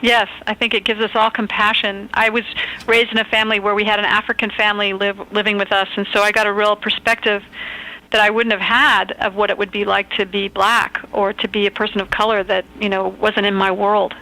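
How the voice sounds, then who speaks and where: A woman author calling in to a radio interview, speaking in a thoughtful, measured, earnest way. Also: medium pitch, flat delivery, bright, forceful tone, low-quality recording. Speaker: author and phone-in guest. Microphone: phone call.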